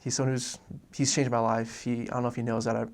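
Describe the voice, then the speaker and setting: A young man from Oregon recounts his own story in an earnest, rambling way, stumbling through restarts and fillers. His mid-pitched voice stays flat and even, with a gravelly fry running through it. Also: fast talker, slight background noise. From Oregon, USA. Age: young adult. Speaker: returned missionary telling his story. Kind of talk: casual personal testimony.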